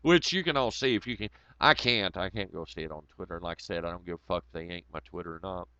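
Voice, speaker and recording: A man rambles and swears through a casual livestream rant, laughing often. His voice is bright and forceful. The audio is dry and a bit muffled, like lo-fi stream sound. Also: sits low, quick pace, clear, resonant tone, no echo.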